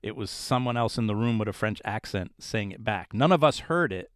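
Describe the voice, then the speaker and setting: Man, low voice, paranormal investigator guest, lively storytelling, dry close sound. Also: fairly quick, dry recording. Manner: animated storyteller, acts out quoted voices. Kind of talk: casual interview storytelling.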